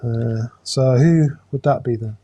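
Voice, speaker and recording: A man hosting a casual live-stream raffle draw from indoors, talking in a chatty, halting way with many hesitations and jokey asides. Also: mid-range voice, dark tone, slightly rough, lo-fi sound. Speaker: host drawing raffle prizes. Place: indoors at home with a camera crew.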